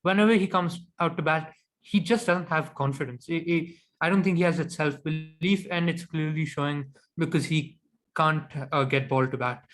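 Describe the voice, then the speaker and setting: Higher-voiced guy on a podcast, chatty and opinionated, lots of ums. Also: normal speed, a bit bright. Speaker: podcast co-host. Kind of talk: casual cricket chat.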